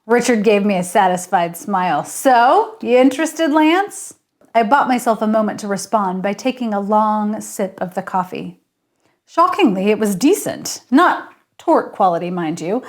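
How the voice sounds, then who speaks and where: A woman, the author, reading her story aloud in steady first-person narration. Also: mid-range voice, normal speed.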